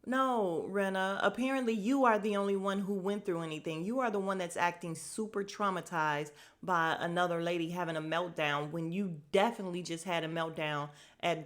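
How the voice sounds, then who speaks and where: Sassy woman recapping reality TV. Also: fairly low pitch. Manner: animated, sassy, mocks people's quotes in put-on voices. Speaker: podcast host. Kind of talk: casual TV recap commentary.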